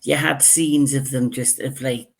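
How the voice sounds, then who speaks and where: A man's voice: mid-range voice, fairly even intonation, a little slow, gravelly, slight background noise. A man with a British accent, a guest in a casual film review chat, talking through scenes.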